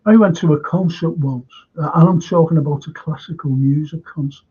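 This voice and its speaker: A rambling, chatty man hosts a casual fan show, reading out viewer comments as he goes. His voice sits a little high and comes across husky. The sound is thin and tinny, like a phone line. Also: a little fast. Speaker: host.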